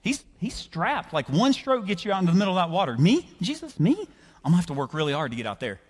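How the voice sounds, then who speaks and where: A man's voice: medium pitch, expressive, racing, close to an everyday voice. A man putting on a whiny, pleading fisherman. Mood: incredulous. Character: anxious excuse-making male fisherman. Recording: reverberant church hall.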